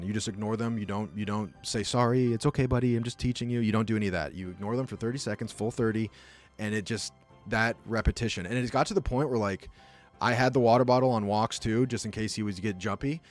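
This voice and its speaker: A young man telling a rambling, casual story full of fillers, talking as a podcast host. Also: fairly low pitch. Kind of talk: casual chat.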